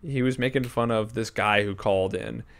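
A young man co-hosting a gaming podcast in casual, animated chat, swearing freely and acting out the people he quotes. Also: lowish voice, normal speed, vocal fry. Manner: animated, swears a lot, acts out quoted voices. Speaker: podcast co-host.

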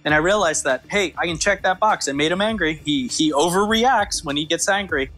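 A man, a former FBI agent, recounting his experience in animated storytelling, acting out the dialogue. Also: a little high, fairly quick, soft background music. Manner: acts out quoted dialogue with lively shifts.

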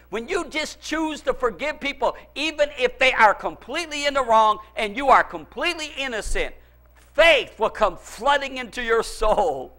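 A male preacher with a strikingly high, bright and forceful voice, delivering a sermon. He hammers his points through repetition and personal stories. He sounds middle-aged and sure of himself. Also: lively intonation, normal speed. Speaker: pastor.

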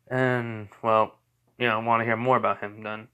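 A man's voice: mid-range voice, level tone, brisk, fairly bright tone, clear, resonant tone. A young man casually retelling a fan story, rambling with many fillers and restarts.

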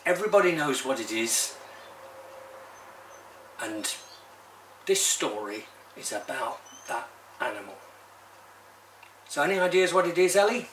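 A man reading a children's story aloud in a lively, expressive way, talking to a few listeners by name. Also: fairly high pitch, unhurried, pauses often, a little hiss or hum.

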